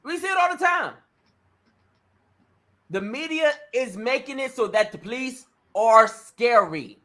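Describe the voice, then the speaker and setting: A male talk show host giving emphatic opinion commentary, acting out little scenes and addressing listeners as ladies and gentlemen. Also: very high-pitched, lively intonation, unhurried.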